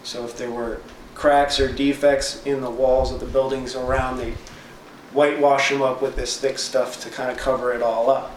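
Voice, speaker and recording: A man's voice: medium pitch, level tone, normal speed. Chatty man teaching from scripture, roomy sound. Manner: reads scripture then paraphrases it in plain, chatty terms. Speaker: Bible teacher. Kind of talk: casual Bible study teaching. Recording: roomy echo, distant mic, faint noise.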